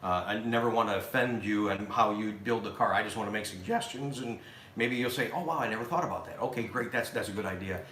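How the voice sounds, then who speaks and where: A Corvette salesman chatting casually, a quick storyteller who acts out his customers' lines. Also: fairly low pitch, fairly bright tone. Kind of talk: casual chat. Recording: echoey room with faint noise.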